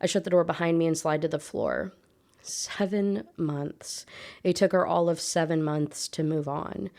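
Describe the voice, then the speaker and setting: A woman's voice: low voice, steady tone, a little slow, vocal fry, darkish tone. A woman reading as an exasperated teenage girl. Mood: subdued. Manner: reading first-person prose aloud, exasperated. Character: teenage girl narrator, frustrated and tired.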